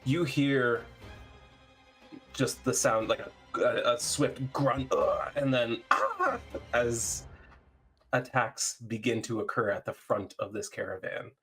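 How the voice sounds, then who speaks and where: A man narrating a tabletop game as game master, relaxed, with fillers and chuckles. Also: mid-range voice, slow pace, soft background music.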